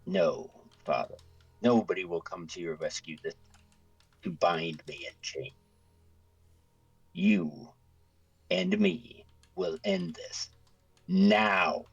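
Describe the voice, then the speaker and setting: A man voicing a hateful young woman zealot of a monster cult, speaking in slow, venomous declarations. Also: deep voice, vocal fry, slightly rough, highs cut off, faint music behind, full character voice. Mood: cold.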